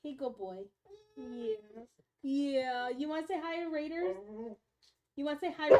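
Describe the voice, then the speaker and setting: Young woman, high voice, casual chatty streamer at home, slips into baby talk. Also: normal speed, pauses often, background noise. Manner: chatty, talks baby talk to her dogs. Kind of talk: casual live-stream chat.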